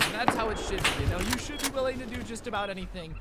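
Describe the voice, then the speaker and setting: A man's voice: high-pitched, animated, fast, few pauses, very noisy. A young man casually telling a long rambling story, slangy and full of restarts. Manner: rambling, slangy, self-interrupting. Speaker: streamer. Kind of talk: casual storytelling over gameplay. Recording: loud game gunfire behind voice.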